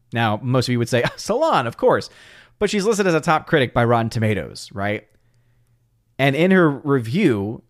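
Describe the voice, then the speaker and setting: Guy hosting a movie livestream, reads chat out loud, laughs a lot, close dry mic. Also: mid-range voice, no echo. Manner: chatty, reads viewer comments aloud, laughs often. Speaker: livestream host. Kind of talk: casual live-stream commentary.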